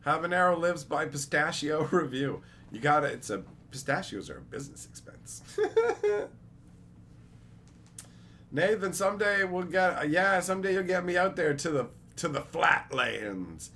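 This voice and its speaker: Young man, livestream chat, rambling, profane, animated pitch, faint hiss behind. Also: normal speed. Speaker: streamer.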